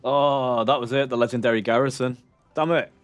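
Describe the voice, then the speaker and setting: A man's voice: mid-range voice, fairly even intonation, a little fast, clear, resonant tone, no echo, soft background music. Laid-back young man muttering while gaming. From United Kingdom. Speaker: streamer. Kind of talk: casual gaming stream chat.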